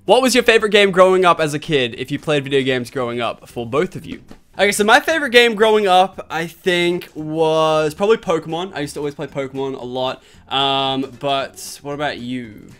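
A young Australian man with a slightly American-tinged accent, hosting a joking, excitable Q&A chat with his sister. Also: on the high side, fairly quick, faint music behind. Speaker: YouTuber host. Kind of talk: casual Q&A chat.

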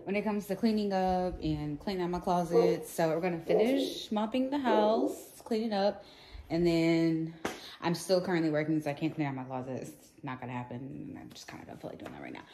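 A woman in her late twenties vlogging casually at home, rambling and thinking out loud. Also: fairly low pitch, brisk, background noise. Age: late 20s. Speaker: vlogger and nail tech. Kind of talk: casual vlog chat.

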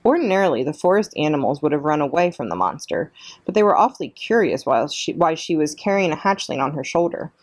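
Woman with a low, dry read-aloud voice. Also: big pitch swings, quick pace, dry recording. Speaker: librarian reading a children's book. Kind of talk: bedtime story read-aloud.

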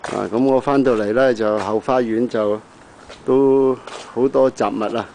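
A middle-aged man casually narrating his own home video outdoors around his house, filling pauses with short "ah"s. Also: mid-range voice, fairly even intonation, darkish tone, slight background noise, rough recording. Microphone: handheld camera.

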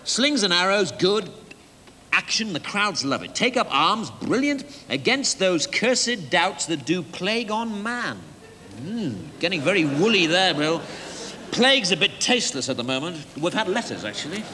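A man's voice: high voice, big pitch swings, moderate pace, bright, forceful tone, exaggerated voice. An actor playing a pushy, glib theatre producer who talks in a coaxing, salesman-like patter in a live comedy sketch. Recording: live stage audio with hall reverb and noise.

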